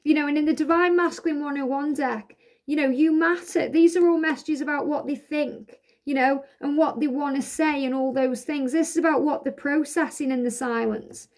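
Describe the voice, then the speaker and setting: A woman's voice: high voice, steady tone, moderate pace, a little mellow. A woman doing a spiritual card reading, reading each card's message aloud and explaining it in a soothing, reassuring way, recorded outdoors. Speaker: tarot card reader.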